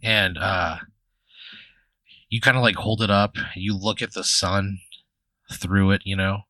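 A man's voice: deep voice, steady tone, a little slow, sharp tone, no echo. A man hosting a comedy podcast, improvising a long hypothetical story in a rambling, profane way full of fillers and restarts.

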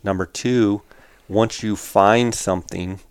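A man with a fairly low voice gives hunting tips in casual chat. He talks emphatically and hammers each point home with repeated short phrases. Now and then he acts out quoted exchanges with a lifted voice. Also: fairly even intonation, slow pace, smooth, dry recording. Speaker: hunting podcast host.

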